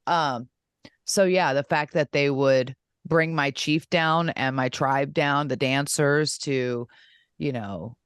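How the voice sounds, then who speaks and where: A woman's voice: very deep voice, slow pace, clear, resonant tone, no echo, studio quality. A middle-aged woman co-hosting a casual podcast chat, talking earnestly and rambling with many fillers. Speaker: co-host and wrestling champion.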